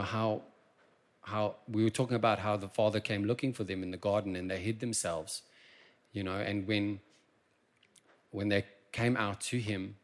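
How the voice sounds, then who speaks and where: A South African man preaching a sermon in church, impassioned and swinging from quiet asides to loud emphasis. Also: lowish voice. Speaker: pastor.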